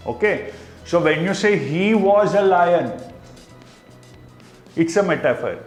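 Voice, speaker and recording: A man with an Indian accent teaching a class, explaining slowly and repeating key terms. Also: high-pitched, animated, roomy sound, faint music behind. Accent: Indian English. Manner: explains slowly with repetition, mixing in Hindi asides. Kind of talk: classroom lecture.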